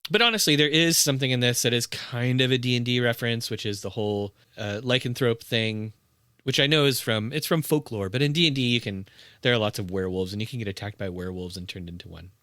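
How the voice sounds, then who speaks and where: A man's voice: medium pitch, quick pace, sharp tone, no room sound, clean studio sound. A man co-hosting a podcast in casual chat, easygoing and teasing, with frequent affirming replies. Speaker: podcast co-host.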